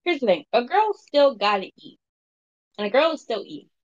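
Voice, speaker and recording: A woman's voice: fairly high pitch, big pitch swings, normal speed, dull audio. A woman playing in a tabletop game, cheeky and blunt. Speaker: player.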